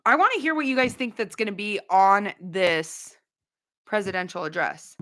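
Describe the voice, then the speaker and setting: A woman hosting a casual livestream, chatting bluntly with viewers, with quick asides and no filter. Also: medium pitch, lively intonation, a bit bright. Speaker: livestream host.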